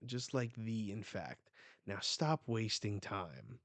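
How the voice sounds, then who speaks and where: A man's voice: fairly low pitch, big pitch swings, slow, a bit bright, no room sound, exaggerated voice. A man reading the lines of a cold, godlike male ruler who speaks in formal old-fashioned language, from a manga. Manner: formal old-fashioned speech read aloud.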